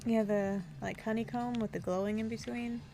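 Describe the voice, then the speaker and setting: A woman co-hosting a gaming livestream, chatting in an easygoing way and quick to laugh. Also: on the high side, steady tone, music in the background. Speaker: livestream co-host. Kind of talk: casual gaming stream chat.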